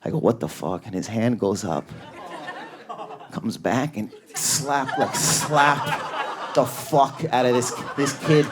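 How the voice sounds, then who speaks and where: Guy doing stand-up, super frantic, keeps yelling high, club stage mic. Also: slow pace, a crowd in the background, noisy background. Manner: raging high energy, often yelling and climbing high in pitch. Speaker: stand-up comedian. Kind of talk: stand-up comedy set.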